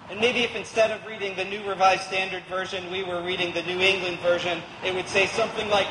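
A man's voice: high-pitched, fairly even intonation, fast, hardly any pauses, noisy background. A man preaching a sermon, reading scripture and explaining it in a conversational way with playful asides. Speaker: pastor. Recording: echoey hall with long reverb.

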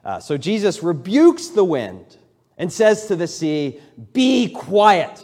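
A pastor in his thirties, a man with a slightly high, dark voice, preaches in a church sanctuary with great animation but no hurry. His sermon stays conversational, then builds to emphatic, rising lines, and the church's long hall reverb carries every word.

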